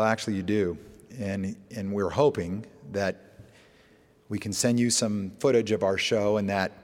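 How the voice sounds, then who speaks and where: Man telling a story in an echoey hall. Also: fairly low pitch. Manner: acts out phone calls in quoted dialogue. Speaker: TV show producer giving a talk. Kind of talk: storytelling presentation to an audience. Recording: echoey hall with long reverb.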